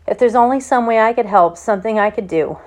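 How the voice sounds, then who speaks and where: A woman voicing a gentle, worried country mother who speaks softly and comfortingly, in a plain reading of a storybook. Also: mid-range voice, quick pace, natural voice. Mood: tender.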